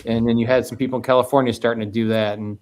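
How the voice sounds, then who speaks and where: A man's voice: medium pitch, level tone, rapid-fire, darkish tone. A man from Northwest Indiana, a guest meadery owner talking casually on a podcast, rambling and restarting as he goes. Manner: rambling, repeats words and restarts often.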